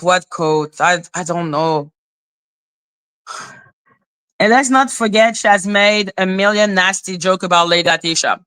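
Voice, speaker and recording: A woman's voice: lowish voice, normal speed, pushed and bright, clean tone. A woman giving casual reaction commentary as a YouTuber, blunt and profane as she talks back at clips.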